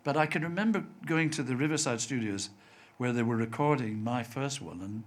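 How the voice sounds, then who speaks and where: Older Scottish man, softened accent, seasoned TV writer as interview guest; chatty storyteller who mimics the people he quotes. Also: mid-range voice, brisk, hardly any pauses. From Scotland. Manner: chatty storyteller, acts out quoted voices, laughs often. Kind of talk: anecdotal live interview.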